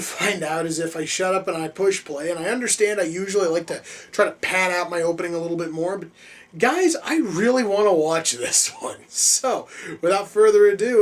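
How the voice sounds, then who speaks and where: Excitable, foul-mouthed movie reaction host, recorded at a distance. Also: mid-range voice, normal speed. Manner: excitable, profane, openly gleeful at gore. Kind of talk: casual movie reaction commentary. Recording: distant mic with faint music behind.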